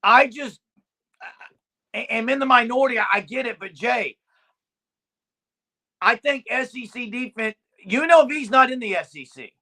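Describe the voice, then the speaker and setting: A man's voice: very high-pitched, normal speed, pauses often, sharp tone. A man co-hosting a casual sports podcast, arguing his points and repeatedly addressing his co-host by name.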